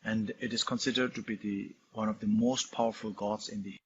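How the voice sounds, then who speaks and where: A man with a Tibetan accent, a Buddhist teacher explaining a text in a halting, filler-heavy way. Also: lowish voice, steady tone. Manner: halting, many fillers and restarts, explains terms. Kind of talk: Dharma talk commentary. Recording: dull lo-fi recording, faint noise.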